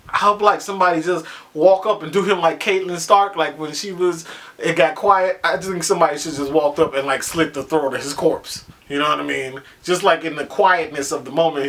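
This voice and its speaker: A man reviewing a TV episode in a casual, profane monologue, excitable and acting out his own reactions. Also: on the high side.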